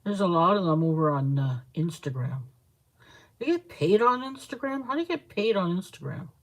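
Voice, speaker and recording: A woman from Canada, her voice on the low side and expressive, talks at normal speed while crafting on a casual live stream. She reads viewers' comments aloud and chats in a rambling way, captured in a low-quality recording.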